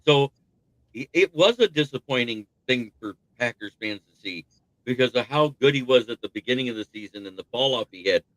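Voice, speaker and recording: A man with a medium-pitched, slightly bright voice hosts a casual sports talk stream, speaking animatedly and a little fast. He rambles and thinks aloud, restarting his sentences and laughing at a rival team's troubles. The recording is low quality, with no room sound.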